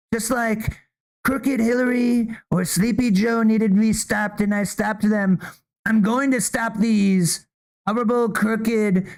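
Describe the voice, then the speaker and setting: Man impersonating a blustery older politician, high smooth voice, repetitive crowd-pleasing boasts. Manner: repetitive rally-style boasting, addresses "folks". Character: bombastic older male politician, boastful and rambling. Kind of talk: comic impression.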